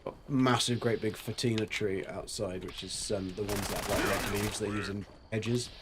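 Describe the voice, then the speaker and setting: A man's voice: fairly low pitch, steady tone, normal speed, very noisy. A man streaming a video game, chatting casually and rambling with jokes and silly sound effects. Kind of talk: casual gameplay commentary.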